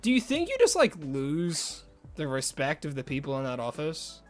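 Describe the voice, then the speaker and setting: A man's voice: a little high, huge pitch swings, moderate pace, faint music behind. A man streaming a game live, chatting casually with his viewers and rambling through asides. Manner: chatty, answers chat messages, rambling asides.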